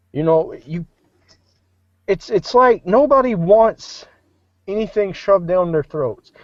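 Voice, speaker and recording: Angry high-voiced man, dry lo-fi. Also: no room sound. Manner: angry, profane, mocking others' words. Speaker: show co-host. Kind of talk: heated casual chat.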